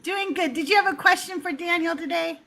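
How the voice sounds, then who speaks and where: A woman with a high, bright voice hosting a casual online Q&A. She is bubbly and playful, quick to tease and giggle, talking over a video call. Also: gravelly. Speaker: host.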